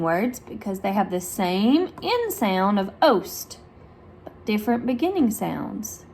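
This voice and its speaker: A woman's voice: very animated, vocal fry, darkish tone. A woman speech therapist reading a picture book aloud to young children, asking questions and over-articulating sounds in a sing-song manner. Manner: slow, sing-song, with big exaggerated pitch jumps for praise; overarticulates sounds for young listeners.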